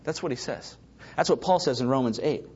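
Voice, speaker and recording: A man preaching a sermon, emphatic and building to loud stresses, with a slightly husky voice. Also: medium pitch, animated, fairly quick, lo-fi sound. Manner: emphatic, rising to shouts for stress.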